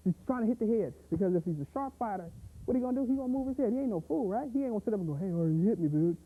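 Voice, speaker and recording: A man coaching boxing technique in an energetic, punchy way, full of sound effects and repeated catchphrases. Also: extremely high pitch, rapid-fire. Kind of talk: instructional pad-work demo. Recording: tinny, phone-like audio.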